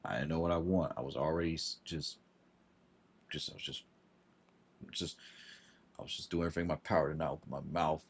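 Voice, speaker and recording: A man telling a personal story on a livestream, halting and repeating himself, with frustration in his voice. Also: very deep voice, fairly even intonation, husky. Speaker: vlogger.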